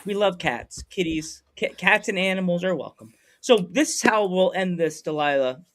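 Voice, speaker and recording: Animated man telling a story. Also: high-pitched, normal speed. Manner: animated storyteller acting out quotes. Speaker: podcast host. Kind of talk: casual storytelling chat.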